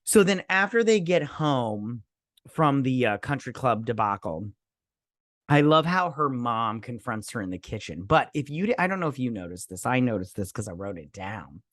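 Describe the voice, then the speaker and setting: A man's voice: mid-range voice, very animated, normal speed, a bit bright, no room sound, clean studio sound. A man co-hosting a drinking movie review show, rambling and swearing as he acts out scenes in raised voices. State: drinking while talking. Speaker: podcast co-host. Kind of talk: casual movie review chat.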